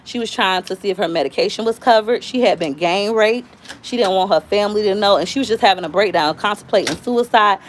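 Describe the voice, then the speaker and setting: A woman's voice: medium pitch, quick pace, slight background noise. A woman from Florida hosting a casual live stream, talking candidly and acting out quoted voices as she tells stories. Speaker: YouTube host.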